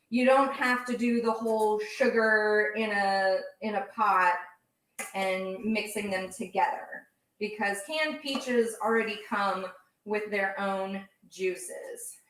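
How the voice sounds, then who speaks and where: A young woman chats her way through a home baking livestream, unhurried and bright-toned. Her voice is a little high and carries a roomy echo from the kitchen. She talks loosely and keeps turning to read out viewers' comments. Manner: chatty, reads out viewer comments. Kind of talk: casual livestream chat while baking.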